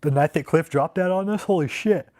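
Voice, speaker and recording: A livestream host with a slightly high, darkish voice talks fairly quickly in a casual, profane rant. He mocks freely, rambles, and keeps breaking into laughter.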